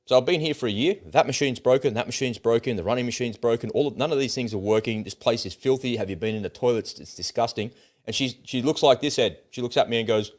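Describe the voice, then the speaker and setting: A middle-aged man, hosting his own channel and telling a story in a blunt, animated way. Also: medium pitch, fast. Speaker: host of political commentary channel. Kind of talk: casual opinionated monologue.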